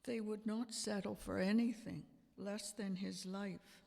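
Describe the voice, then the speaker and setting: In a church sanctuary, a man plays Pontius Pilate in an amateur church drama, portraying the Roman governor defending himself on the witness stand. His high, steady voice has vocal fry and a darkish tone, delivered as a full character voice. He tells his story slowly, deliberately and emphatically, with the long reverb of a church hall around him.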